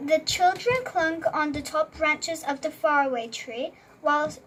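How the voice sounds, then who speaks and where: A young reader reading a children's storybook aloud at home, careful and halting, sometimes correcting herself. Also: female voice, high-pitched, fairly bright tone, slight background noise, low-quality recording.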